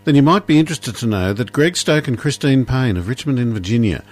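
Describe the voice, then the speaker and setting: A man's voice: mid-range voice, animated, brisk, faint music behind. A man co-hosting a community radio show in casual banter, dry and teasing. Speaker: radio co-host.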